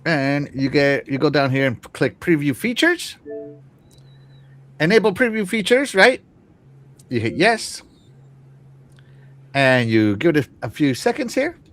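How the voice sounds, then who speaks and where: A man's voice: on the high side, sing-song, measured pace, long pauses, a bit bright. A man hosting a casual live-stream show, talking to his chat with lots of fillers and restarts. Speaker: podcast host.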